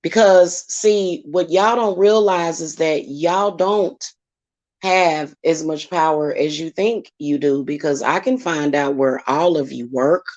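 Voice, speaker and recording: Low-voiced woman ranting angrily. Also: slow, darkish tone, dry recording, highs cut off. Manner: heated, profane, confrontational. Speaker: spiritual reader and channel host. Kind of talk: angry vlog rant.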